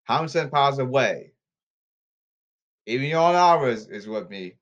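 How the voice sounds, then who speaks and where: Brief: male solo podcast host, mid-pitched voice, rambling, repeats himself, emphatic stop-start delivery. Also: expressive, moderate pace, long pauses, a bit bright, muffled recording.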